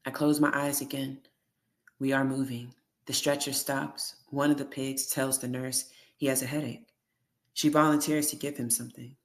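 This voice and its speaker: An audiobook reader reading a first-person memoir in a steady, measured way. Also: medium pitch.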